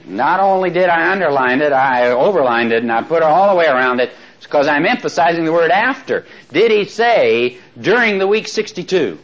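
Lively, chuckling male Bible teacher. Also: on the high side. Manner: slows right down when reading verses aloud. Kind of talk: Bible study lecture to a live class. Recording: dull lo-fi recording.

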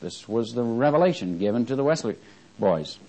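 A man's voice: animated, moderate pace, poor audio. Fervent preacher, questioning his flock. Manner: swings from fervent rising emphasis to low quiet asides, asks the congregation questions. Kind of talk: sermon.

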